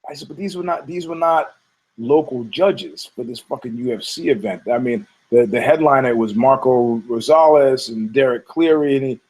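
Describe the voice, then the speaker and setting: A man's voice: mid-range voice, normal speed, darkish tone, low-quality recording. A middle-aged man hosting a podcast, ranting in a rambling, sarcastic, profane way. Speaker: podcast host. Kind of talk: casual rant.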